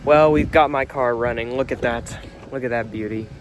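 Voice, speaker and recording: Brief: young male vlogger, mid-pitch, self-mocking chatter with sudden loud outbursts, phone mic outdoors, faint noise. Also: normal speed. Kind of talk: casual vlog. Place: outdoors by a car at night.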